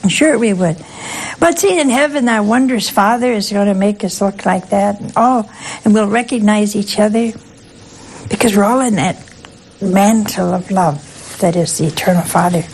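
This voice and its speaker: A woman's voice: medium pitch, normal speed, a little mellow, slightly rough, low-quality recording. An older woman, a nun, giving a conversational sermon that is folksy and humorous, often asking her listeners questions. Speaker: nun giving a spiritual talk.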